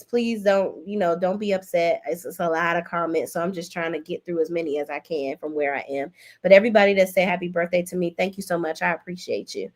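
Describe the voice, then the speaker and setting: A woman hosting a live stream, reading viewer comments aloud and chatting about them casually, thanking viewers with big upward swoops in her voice. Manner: animated, swoops high when thanking viewers; chatty, Southern-tinged slang like y'all and child.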